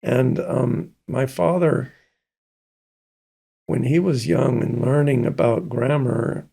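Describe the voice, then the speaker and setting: Older man, interview guest, husky dark voice, unhurried storyteller. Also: mid-range voice, steady tone. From Mississippi. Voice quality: gravelly and husky. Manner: slow, thoughtful storytelling with many pauses. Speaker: guest, pianist and composer. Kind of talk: casual interview talk.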